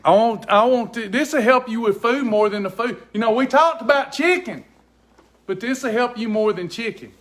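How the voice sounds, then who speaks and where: A man's voice: extremely high pitch, normal speed, a bit bright. A man speaks to camera from home in a casual, preachy way. He is earnest and emphatic and often repeats his words to drive a point home. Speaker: host of a faith-based weight loss ministry. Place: at home indoors.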